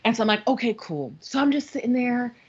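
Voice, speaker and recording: Woman in her thirties, podcast co-host, husky, slightly high voice, lively storyteller who acts out quotes, dull lo-fi sound. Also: fast. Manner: animated storyteller, acts out quotes, swears freely, laughs often. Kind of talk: casual storytelling chat.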